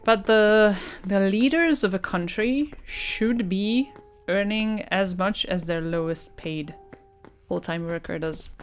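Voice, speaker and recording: A woman, not a native English speaker, casually commenting on a game, swearing a lot and ranting, breaking into laughs. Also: on the low side. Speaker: gaming streamer.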